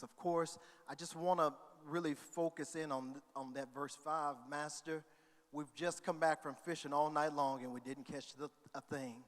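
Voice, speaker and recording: A male pastor, preaching a sermon that goes from quiet reading to shouting. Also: a little high, fairly even intonation, normal speed. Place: church hall. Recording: long reverb of a church hall.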